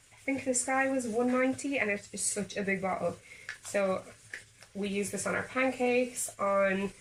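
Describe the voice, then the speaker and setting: A woman's mid-range, fairly bright voice carries through an echoey kitchen as she bakes and cheerfully explains each step to her viewers. It's a casual cooking demonstration from a home baking vlogger. The mic is slightly distant and picks up faint background noise.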